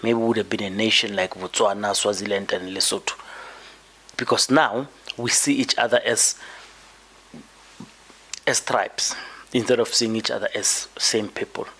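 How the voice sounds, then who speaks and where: Man, low husky voice, emphatic podcast commentary, repeats words as he pushes a point. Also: steady tone, moderate pace, long pauses, bright, forceful tone. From South Africa. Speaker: podcast host. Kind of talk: opinionated political commentary monologue.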